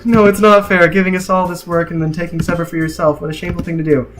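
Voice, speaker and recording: A man's voice: high voice, level tone, fast, faint music behind, close to an everyday voice. A man reading the lines of a short-tempered young girl from a game, snappy and accusing. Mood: indignant. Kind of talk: reading game dialogue aloud.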